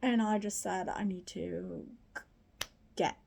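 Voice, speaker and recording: A woman reading her own diary aloud, soft and often half-whispered, halting and grieving. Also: medium pitch, vocal fry. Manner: halting, with restarts. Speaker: diary reader.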